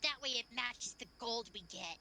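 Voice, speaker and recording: A woman voicing a small, eager female cat with a high, hesitant, cooing voice. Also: moderate pace, pushed and bright.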